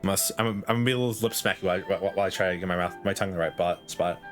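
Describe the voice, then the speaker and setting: A man's voice: low-pitched, very fast, a bit bright, faint music behind. Laughing, rambling young male streamer. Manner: joking, laughing, swearing, rambling. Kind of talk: casual game commentary.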